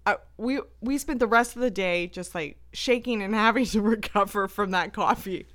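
Smooth clear-voiced woman, chatty, laughs a lot telling a hiking story. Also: medium pitch, normal speed. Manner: laughing often, animated storytelling. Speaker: co-host of a hiking channel. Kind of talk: casual storytelling chat.

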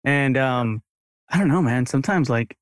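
A man hosting a podcast, talking in a relaxed, friendly way. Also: medium pitch, normal speed, no echo, studio quality. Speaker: podcast host. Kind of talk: casual podcast interview.

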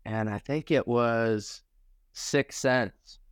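A man's voice: medium pitch, drawn-out words, clean tone, dry recording, studio quality. A man in his forties from Michigan, a podcast guest telling stories in a laid-back way, swearing casually and saying dude and bro. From Michigan, USA. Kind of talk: casual storytelling chat.

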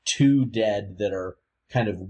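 A man runs a tabletop game, describing scenes in a low register. His voice is husky, and he talks hesitantly, stopping and restarting his sentences. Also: takes it slowly, warm tone. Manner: hesitant, with many fillers and restarts. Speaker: game master.

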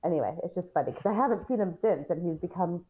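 A woman hosting a podcast speaks in a slightly low voice that swings up and down with animation. She laughs easily and teases her guest. The sound is dull and lo-fi. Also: animated, fast talker. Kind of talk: casual podcast conversation.

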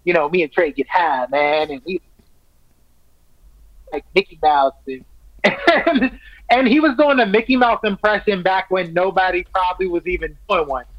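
A man's voice: sits high, animated, moderate pace, no echo, highs cut off. A man, a stand-up comic, chatting as a podcast guest in a laid-back, enthusiastic way, full of "man" and "like". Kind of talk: casual podcast chat.

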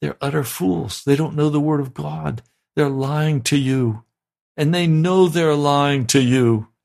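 Male pastor, sermon delivery, gravelly and fervent, emphatic repetition. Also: a little high, fairly even intonation, a little slow, darkish tone. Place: broadcast sermon.

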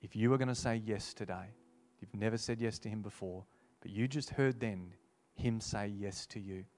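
A man with a somewhat low voice preaches an altar call to a congregation. He is earnest and repeats his key phrases. He slows down when he quotes scripture. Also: a little mellow.

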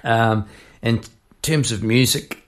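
A man's voice: medium pitch, takes it slowly. A man teaching songwriting at home at night, chatty and self-deprecating, stopping to sing lines from his song. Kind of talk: casual songwriting lesson at the piano.

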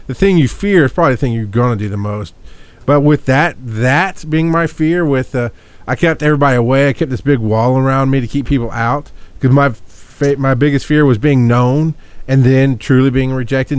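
A man's voice: medium pitch, no room sound. Earnest man musing openly. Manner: earnest, reflective, many restarts. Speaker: talk show host. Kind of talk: casual group discussion.

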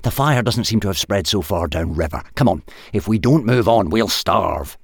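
A man voicing a gruff, short-tempered ape-man leader in a storybook reading, growling and stern. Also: fairly low pitch, lively intonation, normal speed, dry recording, clean studio sound, heavily acted.

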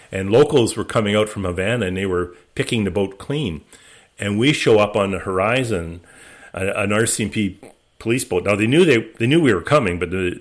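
A man, guest of an interview, telling his voyage stories in a relaxed, anecdotal way with many restarts. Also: fairly low pitch. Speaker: interview guest, expedition skipper. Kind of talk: relaxed storytelling.

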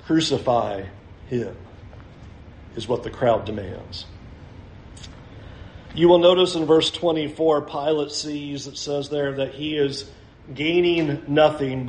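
A man's voice: on the high side, darkish tone. A man preaching a sermon in a church, emphatic and vivid, repeating his points for weight. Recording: roomy echo.

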